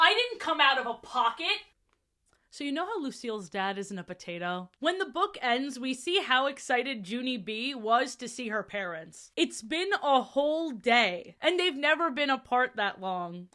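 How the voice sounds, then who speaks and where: High-voiced, playful young woman host. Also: pushed and bright. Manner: playful, sarcastic asides. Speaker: video host. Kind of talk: casual book commentary.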